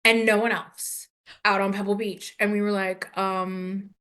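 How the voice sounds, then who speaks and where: A woman guest on a podcast, telling a story in a relaxed, conversational way. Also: medium pitch, measured pace, smooth. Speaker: guest, motorsport communications director. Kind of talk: casual interview storytelling.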